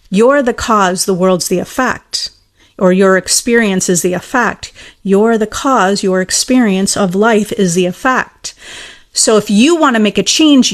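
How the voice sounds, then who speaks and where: A woman teaching as a manifestation coach in a casual monologue, earnest and emphatic, repeating her key points and answering viewer questions. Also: medium pitch.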